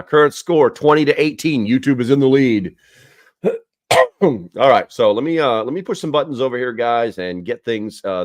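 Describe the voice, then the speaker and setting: A man's voice: low-pitched, no echo, studio quality. A man hosting a casual live stream, rambling with many fillers as he chats with viewers.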